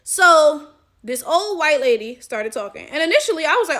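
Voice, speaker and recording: A woman with a high, light voice tells a story to her viewers in casual vlog style. She talks with emphasis and swears freely. She keeps checking in with her audience with a quick "right?". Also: sing-song, fairly bright tone. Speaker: chess coach and vlogger.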